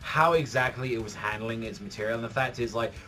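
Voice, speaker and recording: A man's voice: mid-range voice, quick pace, fairly bright tone. A man giving a casual, rambling spoken review of a manga chapter, filling his talk with "like" and swearing freely. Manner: rambling, heavy use of "like", swearing.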